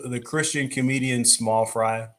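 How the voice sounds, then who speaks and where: A man's voice: mid-range voice, steady tone, unhurried. A man co-hosting a casual podcast chat, who often hesitates and searches for words. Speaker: podcast co-host.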